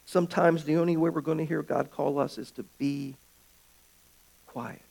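A man preaching a sermon as pastor of his church, swinging from loud calls to hushed, quiet stretches. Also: a little high, fairly even intonation, a little fast, vocal fry.

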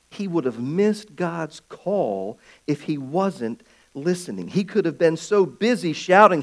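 A man preaching a sermon as pastor of his church, swinging from loud calls to hushed, quiet stretches. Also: sits high, animated, a little slow, few pauses.

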